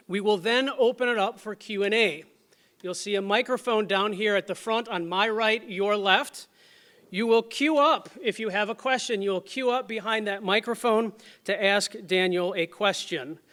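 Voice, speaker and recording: A man moderating an event, giving a formal, measured introduction and instructions. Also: high-pitched, a bit bright.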